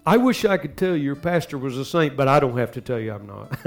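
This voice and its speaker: A man preaching a sermon as pastor, dropping to soft asides and then climbing into loud, urgent exhortation. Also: medium pitch, big pitch swings, fast talker, vocal fry, few pauses, faint music behind.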